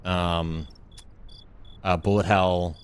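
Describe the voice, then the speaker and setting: A man's voice: deep voice, level tone, extremely slow, smooth. A man co-hosting a gaming podcast, chatting casually while he plays and rambling with lots of fillers. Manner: rambling, full of fillers and restarts. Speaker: podcast co-host playing a game.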